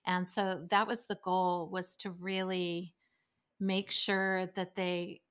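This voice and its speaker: A woman's voice: fairly low pitch, slow, clear, resonant tone. Middle-aged woman telling parenting stories. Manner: animated storytelling, acts out her kids' voices. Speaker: guest. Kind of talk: casual podcast conversation.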